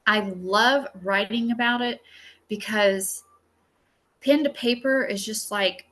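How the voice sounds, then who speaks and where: A woman healer teaching an online class in a chatty, animated way, full of filler words and personal stories. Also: mid-range voice, takes it slowly. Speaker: psychic healer and masterclass teacher. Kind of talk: casual spoken lesson with a personal story.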